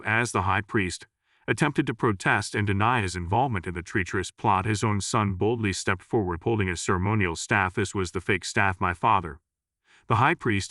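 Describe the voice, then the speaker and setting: Storyteller, low-voiced man, dramatic narration, dry mic far off. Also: fairly bright tone, no room sound. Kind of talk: scripted narration.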